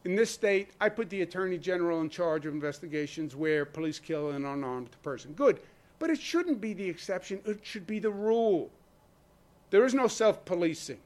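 A man's voice: high voice, expressive, normal speed, darkish tone. A man gives an emphatic public speech as a governor, asking rhetorical questions and mimicking imagined voices. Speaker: state governor.

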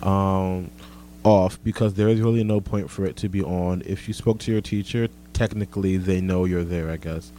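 A young man with a very low, dark voice, chatting casually as a host. He talks in a relaxed way, with lots of "like" fillers. A faint hum sits behind him. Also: moderate pace. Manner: relaxed, filler-heavy, says "like" often. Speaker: host reading listener comments. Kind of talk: casual chat.

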